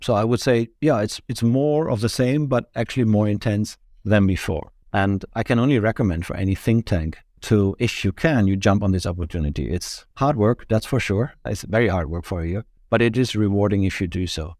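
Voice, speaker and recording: A man speaking as a guest in an interview, giving measured, point-by-point explanations as a think tank director. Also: on the low side, darkish tone, dry recording, studio quality. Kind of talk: podcast interview answers.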